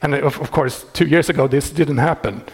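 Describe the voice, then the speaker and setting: Software maintainer, male, husky timbre, casual talk, amused, chuckles a lot, frequent restarts. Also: on the high side, moderate pace. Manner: wry and animated, laughing often, many restarts.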